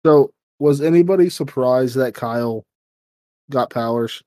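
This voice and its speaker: A man's voice: mid-range voice, measured pace, warm tone, no echo. A man co-hosting a casual podcast, laid-back, swearing freely and steering the chat. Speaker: podcast co-host.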